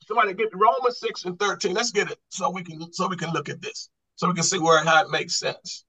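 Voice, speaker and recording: A man's voice: sits high, steady tone, a little fast, bright, forceful tone, husky, poor audio. A man teaching a Bible study class on grammar, quizzing the group with repeated questions and restarting his phrases to stress a point.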